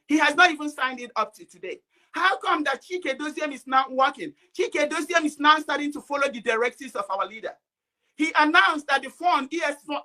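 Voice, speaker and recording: A woman caller with a Nigerian English accent, talking angrily and firing off rhetorical questions. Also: sits high. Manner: angry, rapid rhetorical questions, near shouting. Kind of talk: impassioned call-in talk.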